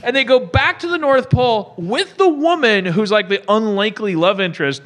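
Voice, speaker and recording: A man in his forties, a podcast host, delivering a profane, animated comedic movie rant with bursts of mock-outraged shouting. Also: high-pitched, fairly quick. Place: live stage show before an audience.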